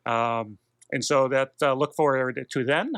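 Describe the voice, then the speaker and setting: A man's voice: mid-range voice, fairly even intonation, unhurried, fairly bright tone, no echo. A man hosting a tabletop game podcast in a laid-back, rambling way with fillers. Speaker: podcast host. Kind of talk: casual chat.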